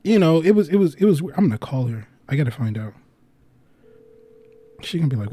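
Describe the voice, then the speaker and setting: A man's voice: fairly high pitch, normal speed, long pauses, no room sound. Laughing, foul-mouthed male streamer. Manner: animated storytelling, laughs a lot, swears freely; loose, rambling delivery with restarts. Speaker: livestream host. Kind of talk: casual livestream chat.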